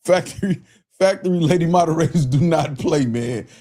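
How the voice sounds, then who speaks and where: A man hosting a casual livestream, excitable and profane, shouting out chat and repeating himself. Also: fairly high pitch, normal speed. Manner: profane, laughing. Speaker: livestream host.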